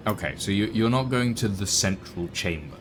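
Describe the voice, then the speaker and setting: A man narrating a tabletop game as game master, in slow, hesitant description with many fillers. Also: on the low side, expressive, slight background noise.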